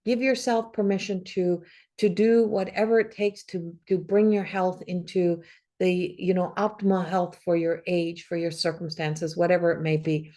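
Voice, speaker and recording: A woman's voice: lowish voice, fairly even intonation, normal speed, warm tone. A woman reading tarot cards for a forecast to camera, talking earnestly with repeats and restarts, encouraging her viewers. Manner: earnest, repetitive, encouraging, thinks aloud with restarts. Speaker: psychic reader. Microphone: camera, solo video.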